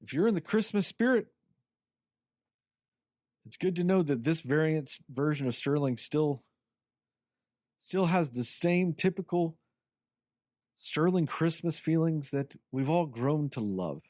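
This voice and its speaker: Animated, sarcastic man reviewing movies. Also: on the high side, measured pace, long pauses, no room sound, studio quality. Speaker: podcast co-host. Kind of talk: casual movie review chat.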